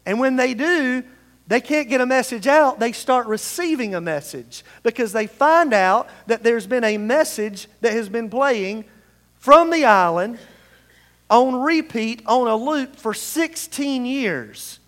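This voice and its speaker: A man's voice: very high voice, animated, a little slow, a bit bright. A male pastor preaching a sermon, leading the congregation in reading scripture aloud together. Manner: leads the congregation in call-and-response scripture reading. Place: church sanctuary. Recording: long reverb of a large hall.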